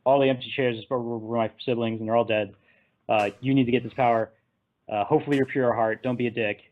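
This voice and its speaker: A man's voice: mid-range voice, steady tone, fast talker, lightly acted. A man voicing a weary dying old male wizard who hands over his powers in a blunt, offhand way. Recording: tinny phone-like line.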